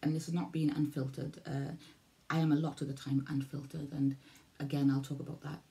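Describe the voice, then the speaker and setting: Welsh woman vlogger, 40s, dark gravelly voice, rambles and repeats herself. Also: deep voice, level tone, fairly quick. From Wales. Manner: rambling, repeats herself, loses her thread. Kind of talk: casual vlog talk to camera.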